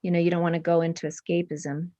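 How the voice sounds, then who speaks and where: Woman, 40s, guest artist, low-ish voice, rambling and sincere. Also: level tone, fast talker, warm tone, muffled recording. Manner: rambling, earnest, many restarts. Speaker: guest artist and art professor. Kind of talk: spiritual casual interview.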